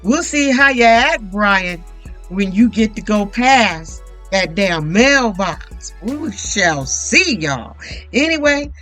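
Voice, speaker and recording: Brief: woman host, casual profane recap, animated quotes, bright tense tone, light music behind. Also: mid-range voice, slow, rough recording. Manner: blunt, profane, animated retelling with quoted voices. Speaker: YouTube reality TV commentator.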